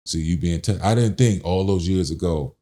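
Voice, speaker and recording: A man's voice: low-pitched, normal speed, dark tone. A middle-aged man guesting on a podcast, telling a personal story in casual slang and acting out the quotes.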